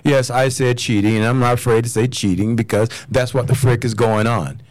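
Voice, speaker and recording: A man's voice: medium pitch, steady tone, fairly quick, a little mellow, no echo. An American man hosting a podcast, delivering a furious, blunt solo rant, swearing and repeating himself. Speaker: podcast host.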